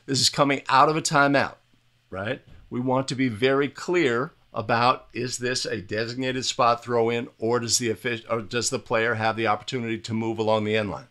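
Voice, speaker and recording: With a bright, forceful, medium-pitched voice, fairly even intonation, and a normal speed, a basketball officiating instructor comments on game video. His plain, coach-like explanations include occasional restarts and fillers, and he keeps asking "right?" to carry the listener along.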